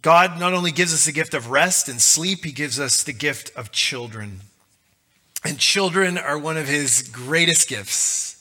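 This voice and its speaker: A man's voice: fairly high pitch, animated, unhurried, sharp tone. A male pastor giving a conversational, joking sermon.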